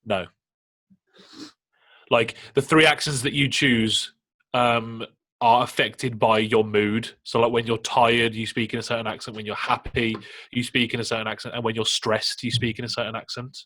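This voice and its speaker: A man's voice: medium pitch, little pitch movement, normal speed, bright, forceful tone. A British man co-hosting a podcast, chatting in an easygoing, conversational way. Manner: easygoing, conversational, reads out news stories. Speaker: podcast co-host. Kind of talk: casual chat.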